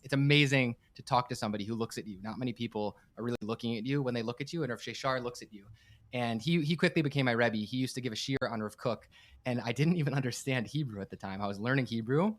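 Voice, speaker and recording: Man, rabbi as podcast guest, fast talker, earnest and emphatic, restarts his words. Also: medium pitch, a bit bright. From United States. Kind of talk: heartfelt podcast storytelling.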